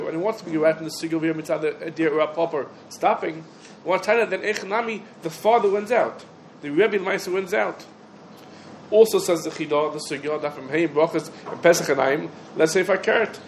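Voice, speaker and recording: A middle-aged man teaching a halacha lesson, quick and animated, acting out little exchanges between people. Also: fairly high pitch, low-quality recording. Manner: quick, animated, quotes back and forth. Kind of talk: Torah lesson lecture. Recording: faint background noise.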